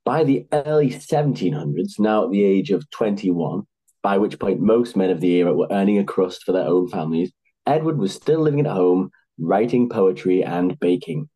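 A man's voice: deep voice, lively intonation, normal speed, warm tone, slightly rough, low-quality recording. A man narrating a comic story with dry, wry asides.

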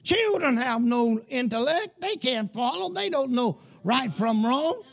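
A male preacher delivering a fiery sermon, often shouting and emphatic. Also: very high-pitched, sing-song, a little slow, gravelly.

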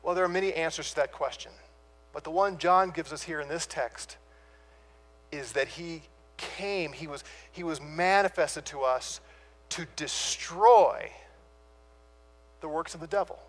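A man preaching a sermon who puts rhetorical questions to his listeners and pauses dramatically on key words before rushing on. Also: on the high side.

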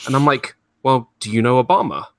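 A man's voice: medium pitch, lively intonation, fairly quick. A jet-lagged man with an English accent, chatting easily with amusement. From England. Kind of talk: casual chat.

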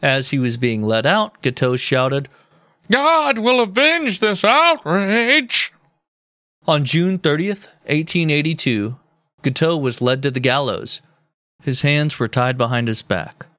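A man's voice: medium pitch, measured pace, a bit bright, no echo, studio quality. A man co-hosting a comedy history podcast, telling the story in a joking, mock-serious way with casual swearing. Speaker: podcast co-host.

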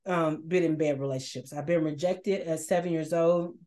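Deep, warm and steady, a woman's voice delivers a passionate, repetitive sermon at a normal pace. She speaks emphatically and draws on her personal testimony of struggle.

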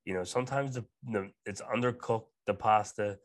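A man's voice: fairly low pitch, moderate pace, no room sound. A man co-hosting a casual podcast, talking bluntly and rambling with lots of fillers. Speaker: podcast co-host. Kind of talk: casual chat.

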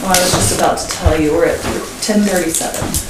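A woman's voice: fairly low pitch, fairly even intonation, fairly quick. A woman in the class giving a brief, matter-of-fact reply about the time. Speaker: class member keeping time. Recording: distant, echoey, with loud noise.

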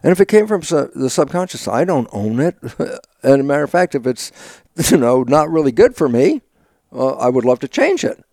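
An older man, an interview guest, telling stories with lively acted-out dialogue, sudden loud bursts and frequent laughs. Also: medium pitch, moderate pace, no echo, studio quality. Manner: laughs often while talking. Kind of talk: animated conversational storytelling.

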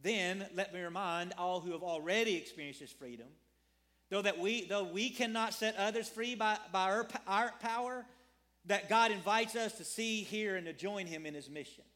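A man's voice: high voice, normal speed, sharp tone. A man preaching a sermon as a pastor, earnest, repeating phrases and asking his congregation questions.

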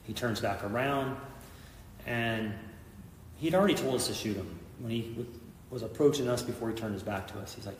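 Low-voiced man, echoey distant sound. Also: a little fast, slight background noise. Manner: intense retelling, acts out quoted lines. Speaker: police officer, guest. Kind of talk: telling a story in an interview.

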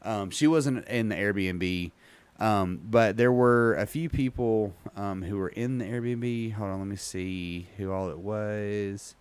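A man hosting a casual podcast, rambling with many ums and reading an article aloud haltingly. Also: fairly low pitch, smooth, no echo. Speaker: podcast host.

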